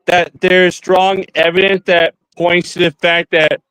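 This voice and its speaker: A man's voice: sits high, little pitch movement, unhurried, a bit bright, clear, resonant tone, low-quality recording. A man co-hosting a casual stream, rambling and restarting his sentences, often turning to address the viewers. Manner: rambling, repeats and restarts phrases. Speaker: streamer co-host. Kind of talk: casual chat.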